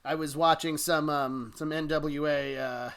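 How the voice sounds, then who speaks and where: A man talks through old wrestling promos in a casual podcast, explaining why the lines work. He acts out the quoted lines as he goes. His voice sits slightly higher than most men's. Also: fairly even intonation, unhurried, fairly bright tone, clean tone. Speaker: podcast co-host. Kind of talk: casual chat with analysis.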